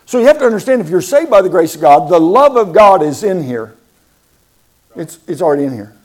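A man's voice: high-pitched, sing-song, brisk, a little mellow. A man preaching a sermon, emphatic and repeating words for stress, asking the congregation questions.

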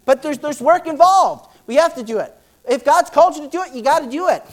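A man preaching a church sermon and reading scripture aloud, talking fast and excitedly, often repeating words as he presses on. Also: extremely high pitch.

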